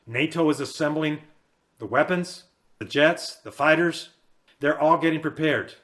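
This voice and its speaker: A man's voice: a little high, measured pace, fairly bright tone. A man in his fifties preaching a fiery end-times warning sermon, emphatic and repetitive, rising and falling in force.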